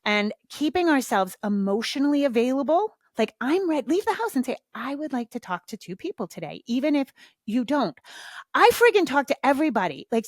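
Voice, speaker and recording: A middle-aged woman hosts her own podcast, chatting casually and bluntly and swearing freely. Her voice sits fairly high, and the recording is dry and close with no room sound. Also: dry recording. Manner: frank, swears freely, acts out little dialogues. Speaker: podcast host. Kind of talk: casual solo podcast talk.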